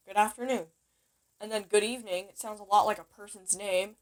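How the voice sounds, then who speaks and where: A woman's voice: mid-range voice, fairly even intonation, a little fast. Woman, casual self-taught teacher, chatty and playful, trips over herself and corrects on the fly. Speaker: language teacher. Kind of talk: casual home-made lesson.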